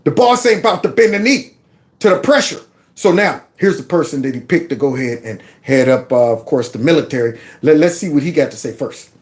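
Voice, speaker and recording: Slightly high-voiced and a little fast, this fifty-something host from Youngstown, Ohio, leads a casual commentary. His stories are animated and preachy, and he performs each character's voice himself.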